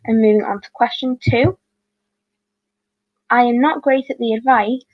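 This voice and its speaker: A woman hosts a livestreamed quiz, reading questions in a fairly high voice and breaking off to correct herself. The sound is dry and a little dull, like a home mic. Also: steady tone, measured pace, no echo. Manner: chatty, apologetic asides, corrects herself. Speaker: quiz host.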